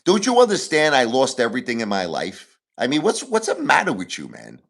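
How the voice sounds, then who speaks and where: A man's voice: medium pitch, huge pitch swings, fairly quick, vocal fry, a bit bright. A man hosting a livestream, venting in an agitated, repetitive rant. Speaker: livestream host.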